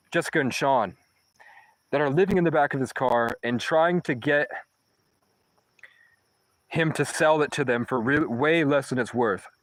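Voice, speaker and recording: A man's voice: medium pitch, no room sound, rough recording. A homeless man telling a long story casually, rambling and swearing, with many false starts. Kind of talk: casual first-person storytelling.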